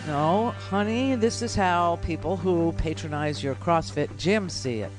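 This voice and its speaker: A woman's voice: fairly low pitch, a little slow, few pauses, over music. A woman hosting a political radio talk show, delivering sarcastic, mocking commentary. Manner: sarcastic, mocking, quotes opponents in exaggerated voices.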